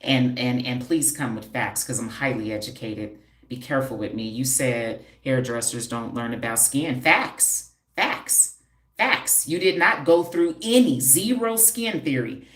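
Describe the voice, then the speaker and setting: Sassy low-voiced woman streaming live. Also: reverberant. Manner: sassy, confrontational, streetwise banter with rhetorical questions. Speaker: holistic hair and scalp practitioner hosting a live stream. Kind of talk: livestream chat answering viewer comments.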